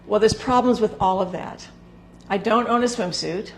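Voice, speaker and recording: Hoarse woman, chatty sewing host. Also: mid-range voice, moderate pace, slight background noise. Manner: chatty, rambling, with frequent filler words. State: hoarse, gravelly voice. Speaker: sewing instructor and show host. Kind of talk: casual talk to camera.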